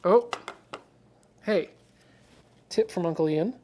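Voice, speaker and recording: A man's voice: sits high, slow, warm tone, a little hiss or hum. A man hosting a stream, chatting casually and jokingly as he works through a hardware repair. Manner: rambling, joking, drops to mutters while concentrating. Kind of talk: casual chat while working.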